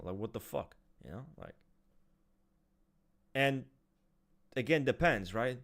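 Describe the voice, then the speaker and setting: A man's voice: medium pitch, big pitch swings, normal speed, long pauses, fairly bright tone. Emphatic, cursing man in casual chat. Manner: emphatic and profane, restarts often.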